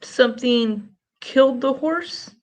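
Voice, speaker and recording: A woman's voice: sits high, slow, a little mellow. A woman playing a tabletop game, earnestly speaking to characters. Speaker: player. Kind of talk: casual game chat.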